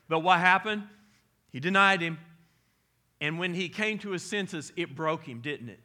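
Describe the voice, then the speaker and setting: A man, preaching a conversational, animated sermon as pastor. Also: fairly high pitch, fairly quick.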